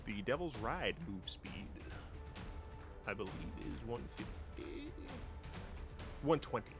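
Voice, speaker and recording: A man's voice: mid-range voice, big pitch swings, slow, loud music behind the voice. A man playing a tabletop game, talking casually and hesitantly in character, with many fillers. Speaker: player.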